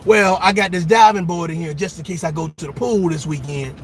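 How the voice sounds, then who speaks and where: A man's voice: fairly high pitch, a little fast, a little hiss or hum, pitched below the performer's own voice, natural voice. A man putting on the voice of a messy adult who casually justifies the junk in their car. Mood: excusing.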